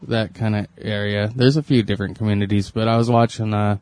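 A man in casual chat, eager and rambling, quick to agree. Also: on the low side, steady tone, darkish tone, no echo.

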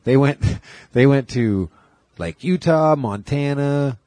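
A man's voice: medium pitch, expressive, takes it slowly, warm tone, dry recording. A man co-hosting a casual podcast, rambling and joking, a little stuffy today. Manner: joking, rambling, jumps into mock singing. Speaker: co-host.

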